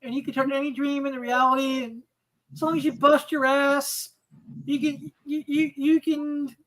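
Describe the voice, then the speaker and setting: A man's voice: extremely high pitch, flat delivery, normal speed, a bit bright, rough recording. A man in casual podcast chat, rambling and self-deprecating.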